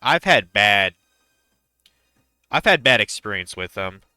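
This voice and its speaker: A young man talks casually while he plays a game, rambling and stopping often. His voice is very bright and crisp. It sounds close and dry. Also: fairly low pitch, sing-song, takes it slowly, dry recording. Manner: rambling and hesitant, many fillers. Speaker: streamer. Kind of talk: casual chat while gaming.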